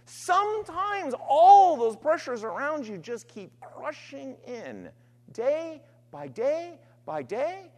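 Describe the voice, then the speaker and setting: A woman preaching a sermon, earnest and emphatic, alternating forceful stress with quiet, trailing phrases. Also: sits high, sing-song, slow. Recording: long hall reverb.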